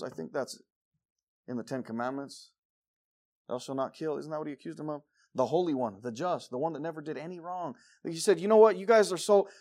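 A man preaching a sermon, jumping from loud exclamations to quiet low asides and acting out shouting crowds. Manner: acts out the crowd in short shouted bursts.

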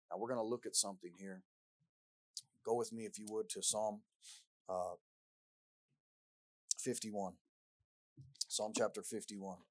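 A man preaching a sermon in an earnest way, often repeating words and growing loud as he reads scripture aloud. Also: fairly low pitch, dry recording, poor audio.

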